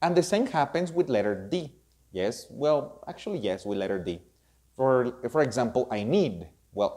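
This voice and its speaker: A man gives an English pronunciation lesson, his pitch rising and falling freely as he stresses each example word. He speaks slowly and carefully and repeats words to drill them. Spanish is his first language. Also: darkish tone. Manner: slow, explanatory, repeats example words with emphasis. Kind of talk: spoken lesson to camera.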